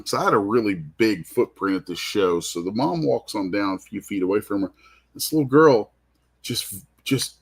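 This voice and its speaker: This comic art show host has a lowish, slightly rough voice. Chatting informally at a convention booth, he rambles through a sincere story, frequently backing up to begin again.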